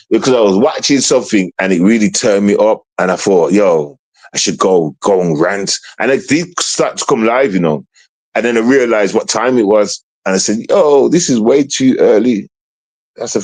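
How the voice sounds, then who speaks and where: A man's voice: lowish voice, darkish tone. A middle-aged man, ranting on a live stream in a rambling, heavily swearing way. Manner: rambling and heavy-swearing, full of repeated fillers. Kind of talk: casual live-stream rant.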